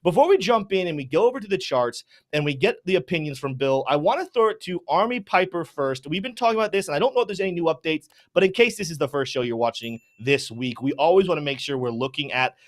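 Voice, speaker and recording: A young adult man hosting a live crypto market stream, reading out chat names with upbeat, energetic shout-outs before moving to chart talk. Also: fairly high pitch, fast, few pauses.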